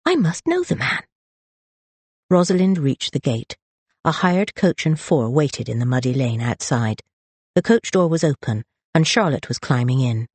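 An audiobook narrator reading a story in an expressive, lively way, close on the mic. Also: medium pitch, normal speed, no room sound. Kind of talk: scripted narration.

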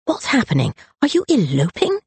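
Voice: medium pitch, huge pitch swings, normal speed, creaky, breathy edge, dry recording, pitched above the performer's own voice, full character voice. A narrator voicing a desperate, stubborn young woman, talking in a raised, urgent, pleading way.

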